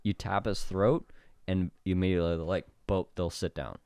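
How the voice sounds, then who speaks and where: Chill young canadian guy on a podcast, kinda low voice, cracks dry jokes. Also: fairly even intonation, moderate pace, dark tone, clear, resonant tone. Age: young adult. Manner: laid-back, swearing, dry jokes. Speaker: podcast co-host. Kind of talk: casual chat.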